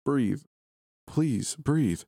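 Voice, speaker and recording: Guy putting on a scared young wife voice, pushed way up high, teary and pleading, dry close sound. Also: moderate pace, darkish tone, no echo. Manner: pleading, tearful. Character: distraught young wife, frightened and grieving.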